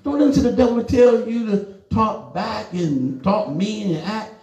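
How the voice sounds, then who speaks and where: A high-voiced middle-aged man preaching with a drawl, urging his listeners on and then dropping low. His voice rings around a roomy church hall, with plenty of echo. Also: a little slow, dull audio. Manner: animated, emphatic, lively swings between loud urging and low asides. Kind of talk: sermon.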